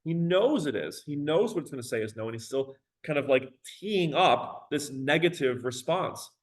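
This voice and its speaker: A male teacher lectures on a poem in a loose, casual way, full of fillers and quick asides. He breaks into dramatic recitations of the verse now and then. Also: fairly high pitch, animated, poor audio. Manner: casual, many "you know" and "okay?" fillers, dramatic readings of verse.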